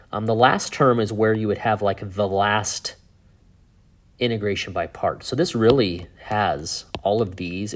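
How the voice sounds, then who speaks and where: A man teaching a math lesson in a relaxed, chatty way, thinking aloud with fillers and asides. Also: lowish voice. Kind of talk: casual whiteboard lesson.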